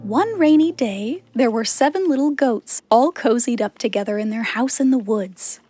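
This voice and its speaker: A woman narrating a children's fairy tale in a slow, expressive reading. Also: a little high, soft background music. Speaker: storyteller.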